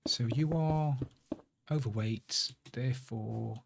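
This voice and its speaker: A man's voice: mid-range voice, animated, measured pace, noisy background. A man streaming a building game, muttering to himself as he works and chatting in asides. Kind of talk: casual live-stream chat while playing.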